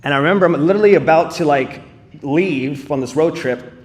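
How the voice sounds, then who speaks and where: A man's voice: on the high side, brisk. A man giving a live testimony in church, telling his story in an earnest, conversational way with casual fillers. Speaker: speaker sharing a personal testimony.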